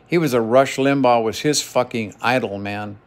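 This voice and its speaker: A man's voice: medium pitch, moderate pace. A middle-aged man venting in an emotional personal monologue to his camera, heated and profane, repeating phrases for emphasis. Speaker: vlogger.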